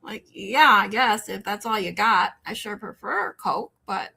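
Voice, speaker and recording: A woman with a Michigan accent, hosting a livestream and chatting casually with her viewers, animated and rambling, often incredulous. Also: medium pitch, unhurried, gravelly, husky. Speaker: livestream host. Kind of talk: casual chat with live chat. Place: home in Texas.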